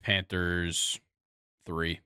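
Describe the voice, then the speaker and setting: A young man co-hosting a casual sports podcast, laid-back and quick to laugh, trailing off with fillers as he thinks. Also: sits low, little pitch movement, bright, forceful tone, clean tone, dry recording, clean studio sound. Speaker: podcast co-host.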